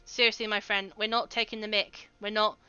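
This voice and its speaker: A woman's voice: medium pitch, level tone, brisk, pushed and bright, smooth, dry recording, highs cut off. A woman streaming a game, chatting casually with her viewers and laughing often. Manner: giggly, chatty, talks to chat. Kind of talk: casual livestream commentary.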